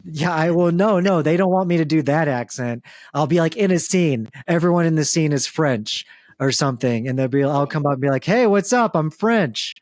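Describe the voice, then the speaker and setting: A man from the American South trading jokes in a loose, chatty podcast conversation. He pokes fun at himself and laughs easily, his voice sitting a touch high for a man. The sound is dry and close, with no room echo. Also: fairly quick, darkish tone. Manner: joking, self-deprecating, laughs often. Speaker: podcast co-host. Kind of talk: casual comedic chat.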